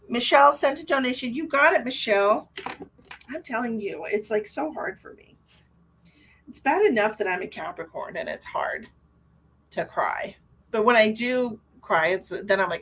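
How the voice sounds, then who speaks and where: A middle-aged woman chats casually with viewers on her live psychic stream, rambling from one thought to the next. Her voice sits at an ordinary pitch for a woman. She swings between loud, emphatic bursts and soft, near-whispered asides. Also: animated, moderate pace, a little hiss or hum.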